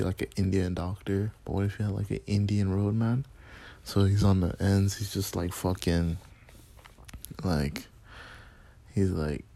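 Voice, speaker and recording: Gravelly-voiced man rambling on a podcast. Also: lowish voice, darkish tone, no room sound. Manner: rambling, profane, laid-back. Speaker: podcast host. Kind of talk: solo casual podcast talk. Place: small dark room.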